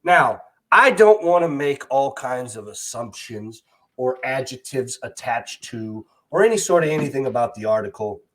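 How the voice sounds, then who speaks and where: A man's voice: mid-range voice, expressive, normal speed, fairly bright tone. A man co-hosting a comedy podcast, telling joking, self-mocking stories in casual chat. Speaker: podcast co-host.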